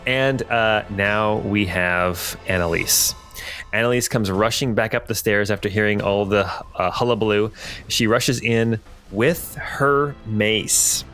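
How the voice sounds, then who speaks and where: A man running a tabletop game as game master, thinking aloud and often pausing with ums and restarts. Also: fairly low pitch, steady tone, fairly bright tone, faint music behind.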